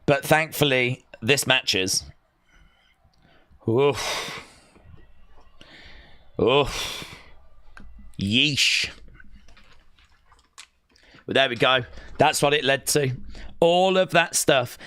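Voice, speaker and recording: A middle-aged man hosts a live wrestling watch-along and rants sarcastically and with exasperation. His fairly high voice swoops widely as he drags his words out slowly. The sound is dry and close to the mic. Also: sing-song, sharp tone, dry recording. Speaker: live stream host.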